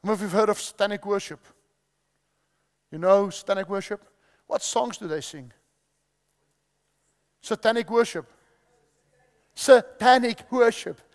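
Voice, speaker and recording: A man's voice: high voice, moderate pace, pauses often. A male preacher giving a sermon, repeating key phrases and quizzing the audience, in a large church hall. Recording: long hall reverb.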